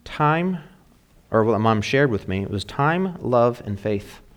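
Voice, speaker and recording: A man's voice: mid-range voice, lively intonation, slow pace. Earnest man preaching a sermon. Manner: earnest, encouraging. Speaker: pastor.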